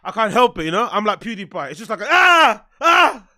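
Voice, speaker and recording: A man's voice: sits high, very fast, sharp tone. A man hosting a livestream, chatting casually in slang and repeating his phrases over and over. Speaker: livestream host.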